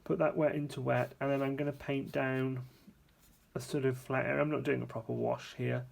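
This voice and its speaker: A man with a gravelly, fry-edged voice at a middle pitch talks through a painting demonstration at his table. He is relaxed and chatty, thinks out loud, and corrects his own wording mid-sentence. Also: fairly quick. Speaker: art supplies reviewer demonstrating paints. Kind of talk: casual hands-on painting tutorial.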